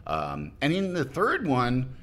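Guy guesting on a podcast, rambling story, keeps restarting sentences, voice bounces all over, kinda bright. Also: mid-range voice, wildly swooping pitch, takes it slowly. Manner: rambling, self-interrupting storyteller who acts out quotes. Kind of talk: casual chat, telling an anecdote.

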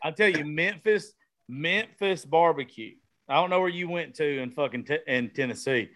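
Southern man host, slightly high voice, loose and profane, rambling conversational delivery. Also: moderate pace, a bit bright. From American South. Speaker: podcast host, comedian. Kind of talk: casual profane chat. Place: studio room with vintage decor.

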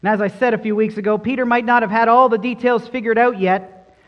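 A pastor preaching a sermon, earnest and emphatic, pressing hard on key words. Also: male voice, very high-pitched, fairly even intonation, fast talker. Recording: dull sound with long hall reverb.

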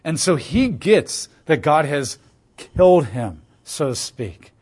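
A man's voice: a little high, husky. Man giving casual, emphatic Bible teaching. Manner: reads scripture aloud and breaks in with casual, emphatic commentary. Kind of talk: sermon-style Bible teaching.

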